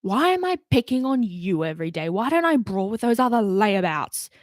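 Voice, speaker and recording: A woman's voice: medium pitch, very animated, moderate pace, no echo, clean studio sound, natural voice. A woman voicing a bad-tempered male fairy police commander who roars and makes demands, in a storybook reading. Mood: lecturing. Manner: roaring, demanding.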